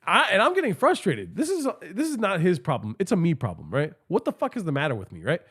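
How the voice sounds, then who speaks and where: A man's voice: high-pitched, wildly swooping pitch, quick pace, a bit bright, husky. A man hosting a podcast, telling a rambling, profane comic story and often asking the listener. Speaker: podcast host. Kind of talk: comedic storytelling monologue.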